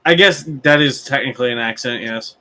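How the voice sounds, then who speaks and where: A man's voice: mid-range voice, brisk, sharp tone. A man player chatting casually during a tabletop game break, joking and chuckling, with stumbling restarts.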